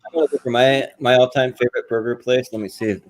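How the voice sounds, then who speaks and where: A man's voice: mid-range voice, steady tone, fast. A man chatting casually, rambling and restarting his sentences often while he ranks restaurants. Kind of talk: casual chat.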